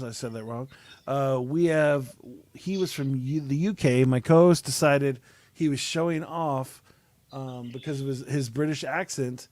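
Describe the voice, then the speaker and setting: A man hosting a podcast over a video call, chatting casually and rambling with many pauses and fillers. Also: medium pitch, a little mellow, no echo. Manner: rambling, hesitant, lots of uh and um. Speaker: podcast host. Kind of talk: casual chat.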